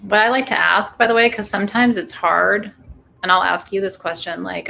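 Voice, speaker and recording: A woman's voice: medium pitch, fairly even intonation, normal speed, gravelly, bright, forceful tone, a little hiss or hum. A woman hosting a full moon ritual, chatting casually and calling in guides with playful whoops. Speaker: spiritual ritual host. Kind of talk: casual livestream ritual talk.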